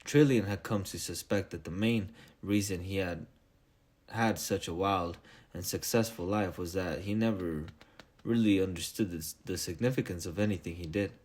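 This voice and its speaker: Low-voiced guy reading a book out loud, trips over words sometimes. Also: moderate pace. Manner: reads with small stumbles and restarts. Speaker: reader. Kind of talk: read-aloud book narration.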